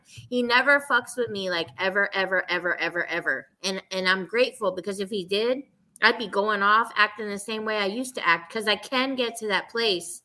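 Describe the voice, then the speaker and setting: A woman's voice: medium pitch, moderate pace, sharp tone, rough recording. A woman speaking frankly and emphatically in a casual chat, swearing and repeating words for emphasis.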